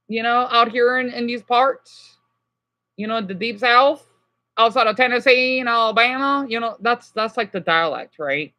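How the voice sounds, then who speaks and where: Rambling woman livestreamer, slightly high voice. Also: normal speed, pushed and bright. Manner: rambling, answers chat messages, many "you know" and restarts. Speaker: livestreamer chatting with viewers. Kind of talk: casual live chat.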